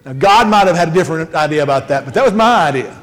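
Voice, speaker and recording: A man preaches a sermon in a conversational, joking way, tossing in quick asides. His voice rings out with a long hall reverb in a church sanctuary. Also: a little high, lively intonation. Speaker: pastor.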